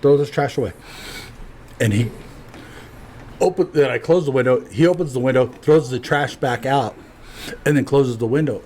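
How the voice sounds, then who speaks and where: A man's voice: medium pitch, fairly quick, long pauses, darkish tone, slight background noise. Swearing man telling stories. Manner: swears freely, acts out quotes. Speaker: podcast guest. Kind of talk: casual storytelling.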